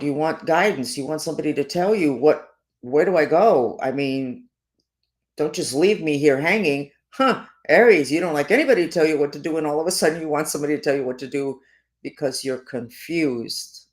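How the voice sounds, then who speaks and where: A woman presenting weekly horoscopes in an unscripted monologue, animated and emphatic, swinging between loud stresses and quiet asides. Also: sits low.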